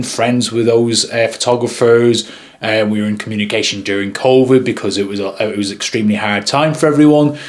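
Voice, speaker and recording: A man who works as a wedding videographer, telling a story to camera in a chatty, rambling way with frequent pauses. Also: fairly low pitch.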